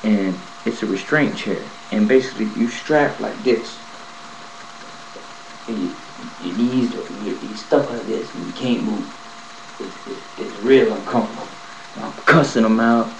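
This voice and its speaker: A man casually telling a personal story to his viewers, animated and profane, acting out the scenes as he goes. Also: fairly low pitch, measured pace, background noise. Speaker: vlogger telling a prison story.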